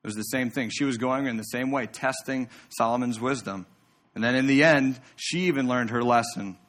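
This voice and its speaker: Male pastor, mid-pitched voice, chatty preaching style with asides to the congregation, church sermon. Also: moderate pace, a bit bright.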